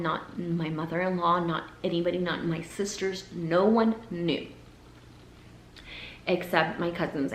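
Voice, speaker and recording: A young woman telling a personal story to her viewers, emotional and halting, her voice sometimes dropping to a whisper. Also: lowish voice, a bit bright, slight background noise. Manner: emotional, pausing, voice breaking into whispers. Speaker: vlogger. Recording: echoey room, faint ambience.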